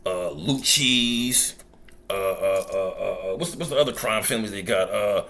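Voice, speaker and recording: A man's voice: on the low side, moderate pace, a bit bright. A man hosting a commentary show, talking bluntly and profanely in a loose storytelling ramble. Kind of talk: casual commentary monologue.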